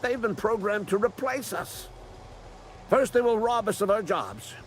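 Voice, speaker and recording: Game voice: an old resistance leader, conspiratorial, higher pitch, lively rise and fall. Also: male voice, measured pace, slight background noise. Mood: ominous. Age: older. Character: old male resistance leader, paranoid about robots. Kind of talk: video game character dialogue.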